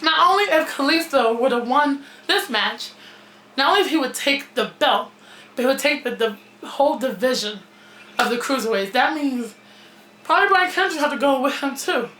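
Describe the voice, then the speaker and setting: A woman giving a casual, opinionated wrestling review, blunt and outspoken and quick to swear, recorded in a gym. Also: high-pitched, animated, a bit bright, a little hiss or hum. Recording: echoey gym room.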